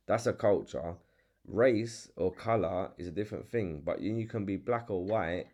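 Deep-voiced London man chatting casually. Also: moderate pace, darkish tone. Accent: London English. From England. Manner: repeats words and restarts, swears freely. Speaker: podcast host. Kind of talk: casual chat.

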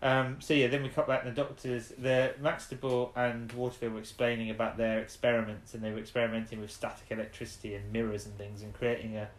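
A man co-hosts a relaxed podcast, walking through a story with loose, rambling restarts. His voice sits in an ordinary middle pitch. The recording has a noticeable echoey, roomy sound. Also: quick pace, few pauses. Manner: rambling, restarts while recapping plot. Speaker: podcast co-host. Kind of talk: casual chat recapping a TV episode.

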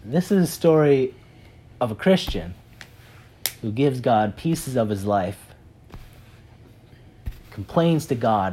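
A man telling a parable in a casual, animated way, with many fillers and repeats. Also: medium pitch, slow pace, long pauses, slight background noise. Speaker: speaker retelling a parable. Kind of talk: animated storytelling talk.

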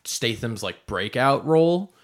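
A man's voice: medium pitch, expressive, unhurried. Joking, foul-mouthed man on a podcast. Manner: profane, joking, laughs often. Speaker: podcast co-host. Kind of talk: casual movie chat.

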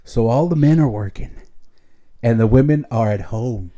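A middle-aged podcast host chats at home in a mid-range, dark-toned voice at normal speed. His casual talk rambles and jokes, sprinkled with Spanish slang.

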